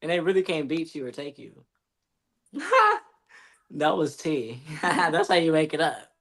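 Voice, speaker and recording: A woman's voice: sits low, unhurried. A woman on a podcast panel talking frankly and laughing as she shares experiences. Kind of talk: casual chat.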